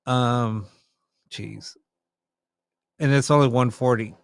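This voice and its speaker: A man's voice: medium pitch, steady tone, takes it slowly, gravelly, clean tone, dry recording, clean studio sound. A man hosting a late-night live stream, chatting casually with his viewers and teasing back at them.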